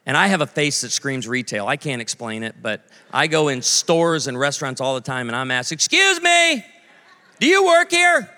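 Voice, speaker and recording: A man's voice: mid-range voice, a little fast, few pauses, bright, forceful tone. A man in his forties preaching a sermon, telling stories with comic voices and asides to the audience. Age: 40s. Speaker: pastor. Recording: long hall reverb.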